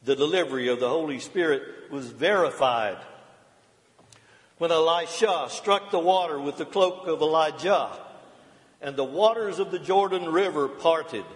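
Middle-aged guy pastor preaching, slightly high voice, steady earnest pace, big echoey church. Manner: measured, earnest preaching cadence. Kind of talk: sermon. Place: large church sanctuary. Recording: long church reverb.

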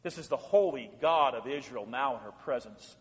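A man preaching a sermon, swinging between loud pleading questions and hushed, low passages. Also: lively intonation, moderate pace, big-room sound. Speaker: pastor. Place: church sanctuary.

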